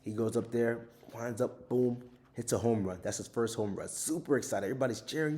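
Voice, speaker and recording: A man's voice: medium pitch, fairly quick, darkish tone. A man hosting a podcast, casually giving an overview of his own book in an earnest way and often adding tag questions. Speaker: author and podcast host.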